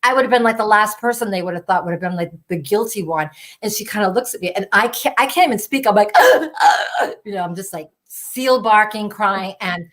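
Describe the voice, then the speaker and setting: A middle-aged woman telling a personal story in an animated way, full of "like" and "you know" fillers. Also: medium pitch, fast, few pauses. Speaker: storytelling show host.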